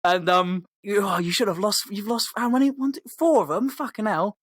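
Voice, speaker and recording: A man's voice: fairly low pitch, fairly even intonation, fairly quick, a bit bright, no room sound, close to an everyday voice. A man voicing an old male wizard as a cocky touring magician, in laddish, casual slang. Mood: exasperated.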